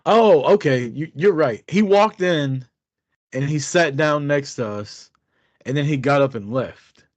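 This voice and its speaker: A podcast co-host with a slightly high voice tells a rambling, profane story in relaxed conversation. He speaks at an unhurried pace, and the recording has no echo.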